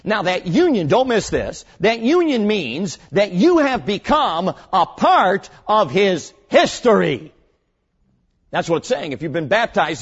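Preacher with a lively, high voice. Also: male voice, breathy edge. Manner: earnest, emphatic, stresses key words slowly; tells stories with short acted voices. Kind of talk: sermon. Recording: muffled, long hall reverb.

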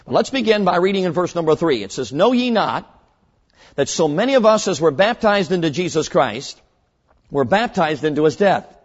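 Male preacher, sermon, earnest and emphatic, lively pitch, muffled sound, long hall reverb. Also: breathy edge. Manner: earnest, emphatic, stresses key words slowly; tells stories with short acted voices.

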